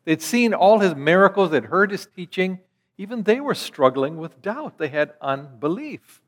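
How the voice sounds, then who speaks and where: A man's voice: sits high, expressive, normal speed. Earnest preacher man in a reverberant hall. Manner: earnest, teaching, with rhetorical questions. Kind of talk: sermon.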